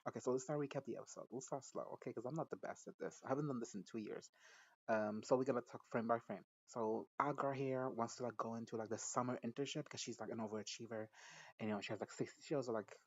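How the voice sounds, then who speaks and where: A man runs through a TV episode in a casual recap, gossipy and profane, with his voice sitting at an ordinary middle pitch. His talk is loose and full of asides and laughs. The recording sounds muffled and lo-fi. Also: fairly even intonation, fast, husky. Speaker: show reviewer. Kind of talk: casual recap and reaction commentary.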